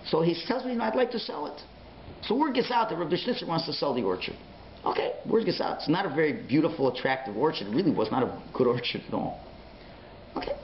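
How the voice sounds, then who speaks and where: A man, a rabbi, giving a Torah class as a lively storyteller who acts out the dialogue in his stories. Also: fast, a little hiss or hum. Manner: storytelling, acts out dialogue with big pitch swings. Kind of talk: animated Torah lecture. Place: synagogue learning centre classroom. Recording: roomy, slightly dull lecture recording.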